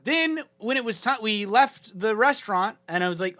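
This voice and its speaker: A young man co-hosting a comedy podcast, joking and animated as he tells stories with put-on quotes. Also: high-pitched, quick pace, few pauses. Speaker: podcast co-host. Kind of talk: casual comedy podcast banter.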